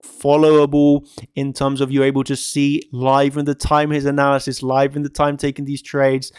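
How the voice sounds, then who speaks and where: A man's voice: medium pitch, completely flat delivery, moderate pace, clear, resonant tone, no room sound, clean studio sound. A man hosting a crypto trading channel, giving casual market commentary to camera in an emphatic way, repeating phrases for stress. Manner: emphatic and repetitive, stacking phrases.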